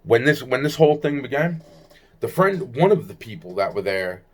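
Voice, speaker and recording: A man's voice: medium pitch, big pitch swings, moderate pace. A man telling a rambling personal story to camera, agitated and heavily profane, often restarting his sentences. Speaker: vlogger recounting personal experiences.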